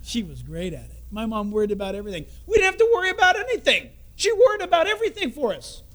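A man's voice: very high-pitched, fast talker. A man preaching a sermon, telling stories and jokes and acting out the people in them. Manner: animated storytelling, acts out characters in the story.

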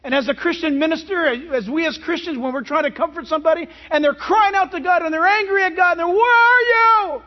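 A pastor with an unusually high voice preaches a sermon fast, barely pausing. His delivery is animated and emphatic, heavy on rhetorical questions, and the recording sounds dull and lo-fi.

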